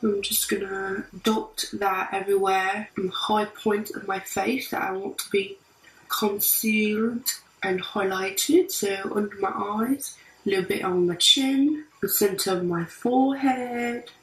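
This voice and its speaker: A woman's voice: mid-range voice, measured pace. A woman talking through a makeup tutorial in a put-on British accent, chatty as she walks through each step. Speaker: beauty vlogger. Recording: roomy, distant mic, faint music.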